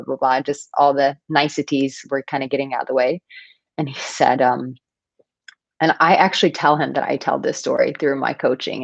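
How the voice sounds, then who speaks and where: A woman in her thirties, a dating coach, talking casually to camera with animated storytelling and playful asides. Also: rumbling low, vocal fry, no room sound, muffled recording. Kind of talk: casual advice talk to camera.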